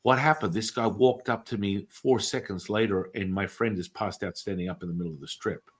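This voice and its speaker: A man voicing a stunned young male friend filming a street trick, hushed and low. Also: fairly even intonation, a little fast, husky.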